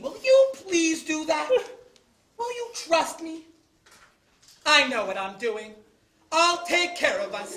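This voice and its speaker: A woman playing a loud, bickering older American caterer on stage, who shouts often. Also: sits high, a little hiss or hum. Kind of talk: stage play acting. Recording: echoey stage room.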